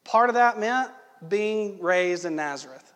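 A young man with a high voice preaches in a church hall, talking with his congregation rather than at them. He keeps tossing questions out to the room and waits for them to fill in the answer. The hall gives his voice a long, ringing tail. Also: animated, a little slow, fairly bright tone. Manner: conversational, asks the congregation questions. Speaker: pastor. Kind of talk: sermon.

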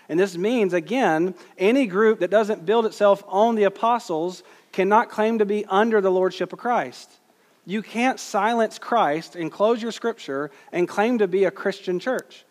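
A man preaching a sermon as pastor, earnest and emphatic, slowing down to stress quoted words. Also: sits high. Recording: long hall reverb.

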